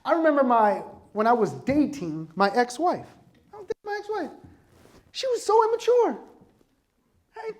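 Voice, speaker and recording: High-voiced man preaching with playful energy. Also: moderate pace, long pauses. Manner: lively conversational preaching with constant audience questions; laughs easily and jokes with the congregation. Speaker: pastor. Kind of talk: sermon.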